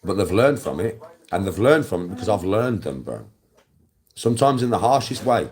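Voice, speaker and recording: A middle-aged English man rants at the camera in a low voice that swoops up and down. His talk is coarse and full of swearing, and he lectures the viewer directly as a live-stream host. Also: moderate pace. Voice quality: coarse, swearing, lively delivery. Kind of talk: blunt ranting monologue.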